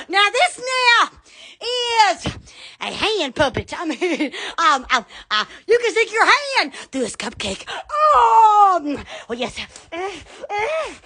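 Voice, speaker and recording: A woman's voice: extremely high pitch, very animated, slow pace, bright, forceful tone. A woman hosting a livestream, giddy and silly, laughing and squealing between exclamations, filmed on a phone. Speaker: livestream host. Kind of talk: goofy livestream chatter. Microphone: phone camera.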